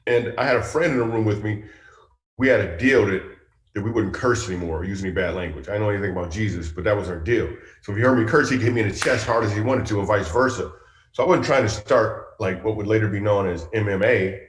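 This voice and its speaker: A middle-aged male comedian telling stories in an animated, chatty interview style. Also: on the low side, fast talker, reverberant. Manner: animated, chatty storytelling with asides. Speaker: comedian guest. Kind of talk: storytelling interview.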